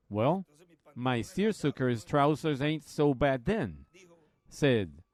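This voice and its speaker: A man preaching a Bible study, slowly retelling a story and quoting others in a plain, folksy way. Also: medium pitch, a little mellow.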